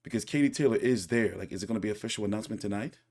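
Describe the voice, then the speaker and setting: A man's voice: lowish voice, rapid-fire, darkish tone. A man hosting a boxing channel, giving casual, opinionated reaction commentary with many fillers and restarts.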